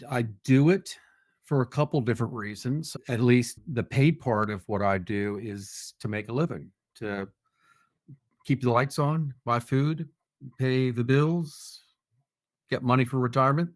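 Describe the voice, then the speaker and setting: A man with a mid-range voice speaks unhurriedly as a podcast guest, recorded in studio quality with no room sound. He's a security officer giving conversational interview answers, earnest and reflective with light self-deprecating humor.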